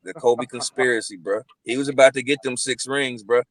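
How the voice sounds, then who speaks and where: A man's voice: medium pitch, fairly even intonation, fairly quick, no room sound, poor audio. A man co-hosting a podcast, arguing sports in casual chat and repeating his points for emphasis. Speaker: podcast co-host.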